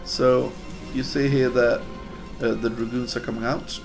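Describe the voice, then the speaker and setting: A man's voice: medium pitch, little pitch movement, measured pace, over music. A man from Sweden, a native Swedish speaker, casting a game in English in a chatty, hesitant way while answering viewer chat. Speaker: game caster. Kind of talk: casual live-stream game commentary.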